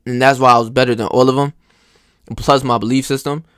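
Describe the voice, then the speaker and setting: A young man telling casual stories in a slangy, profane, animated way. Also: medium pitch, brisk, clean tone, dry recording, clean studio sound. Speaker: host. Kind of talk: casual storytelling monologue.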